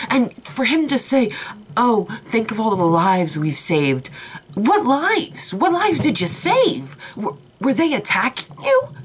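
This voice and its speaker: A woman's voice: mid-range voice, a little hiss or hum. A young woman reviewing a TV episode in a vlog, ranting in an impassioned, exasperated way. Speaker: TV show reviewer.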